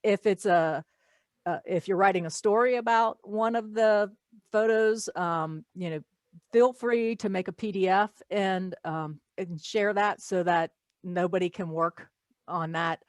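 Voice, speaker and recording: A woman's voice: mid-range voice, measured pace, dry recording. A woman hosting an art podcast, chatting casually and giving friendly tips to her listeners as she wraps up. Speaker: podcast host. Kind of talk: casual chat.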